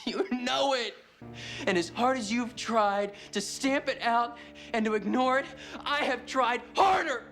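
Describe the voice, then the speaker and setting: A man's voice: very high voice, a little slow, a bit bright, heavily acted. An actor playing an anguished teenage boy coming out to his father, crying and pleading in a TV drama scene. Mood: desperate pleading. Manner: pleading, sobbing. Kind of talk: TV drama acting. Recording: music playing behind the voice. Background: music.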